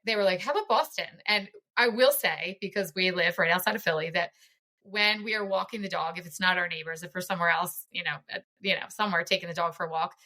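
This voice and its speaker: A woman's voice: lowish voice, steady tone, quick pace, sharp tone. A woman in her forties hosting a podcast interview, talking in an effusive, chatty way full of praise. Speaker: podcast host. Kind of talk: casual interview chat.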